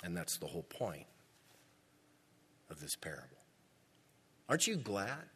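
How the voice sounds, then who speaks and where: A man's voice: low voice, big pitch swings, measured pace, fairly bright tone, big-room sound, slight background noise. A male pastor preaching a sermon in a church, emphatic and repeating words for stress.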